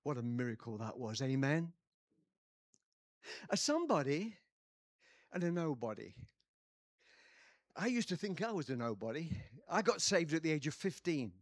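A man preaching a sermon, telling a story dramatically and acting out quotes with sudden shouts. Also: fairly high pitch, big pitch swings, normal speed, pauses often, no room sound, studio quality.

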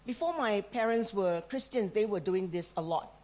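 A woman's voice: mid-range voice, normal speed, darkish tone. A middle-aged woman preaching a sermon, telling stories with animation, acting out the voices she quotes and laughing often.

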